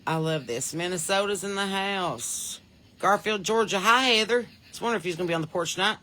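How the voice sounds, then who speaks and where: A woman with a Southern US drawl hosts a casual livestream, calling out viewers' names and states in a folksy, friendly chatter. Her voice is bright and forward, with a faint hiss of noise under it. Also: mid-range voice, brisk. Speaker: podcast host.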